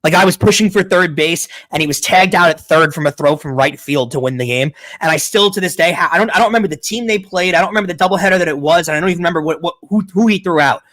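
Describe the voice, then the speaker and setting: A man co-hosting a podcast, chatting casually and recalling memories in a quick, rambling way. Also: a little high, fairly bright tone, dry recording. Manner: quick, rambling recollection with restarts. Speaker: podcast co-host. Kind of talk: casual chat.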